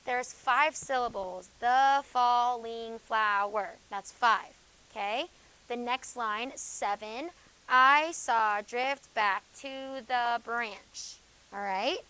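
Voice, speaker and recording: A woman teaching a high school class, explaining step by step with fillers and frequent "okay?" checks, and now and then firmly telling students off. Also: bright, forceful tone, a little hiss or hum, poor audio. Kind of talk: classroom lecture.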